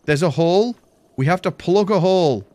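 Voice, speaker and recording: A young man, chatting excitably and swearing as he streams a video game and thanks viewers. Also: high voice, normal speed, no room sound. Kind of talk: live gameplay commentary.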